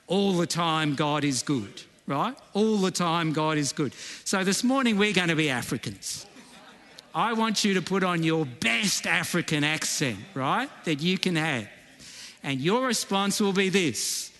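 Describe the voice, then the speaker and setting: A man's voice: on the high side, a bit bright, in a large hall. A male pastor preaching a conversational sermon, repeating key phrases and often checking in with the congregation.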